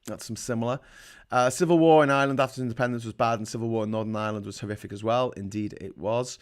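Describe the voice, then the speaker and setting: Sweary Scouse livestream host. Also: male voice, medium pitch, clear, resonant tone. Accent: Liverpool (Scouse). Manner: sweary, blunt, rambling. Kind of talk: casual livestream, reading viewer comments aloud.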